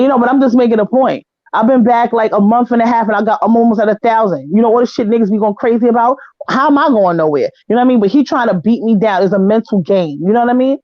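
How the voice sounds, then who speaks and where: A woman's voice: a little high, dry recording. A woman talks in a heated, casual way on an online panel, blunt and profane, acting out what others said. Her voice is dry and close, with a slightly dull, lo-fi sound from her living room setup. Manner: blunt, profane, animated storytelling. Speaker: panel guest. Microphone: home setup, living room.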